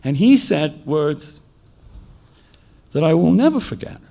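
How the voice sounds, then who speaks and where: Gravelly English man telling a story. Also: fairly high pitch, slow pace. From England. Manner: animated, acts out quotes with a lifted voice. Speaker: debater. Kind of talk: personal storytelling in a debate.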